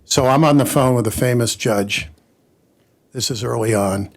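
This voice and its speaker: A man, a patent lawyer on a conference panel, telling an animated story and quoting others in character. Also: mid-range voice, moderate pace. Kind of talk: anecdotal panel talk.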